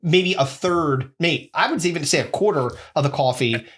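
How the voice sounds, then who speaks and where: A man's voice: on the high side, moderate pace, fairly bright tone. A man co-hosting a podcast in casual chat, joking and teasing his co-host and laughing often.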